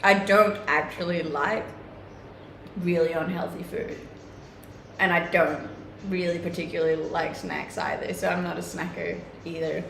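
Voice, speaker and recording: With a lowish, animated, unhurried voice that shows vocal fry and is a bit bright, a young woman from Scandinavia answers viewer comments in casual live-stream chat, upbeat and laughing often. Her native tongue is Scandinavian, giving her mixed English accent a Scandinavian tinge. The sound is roomy and echoing, with a little hiss or hum.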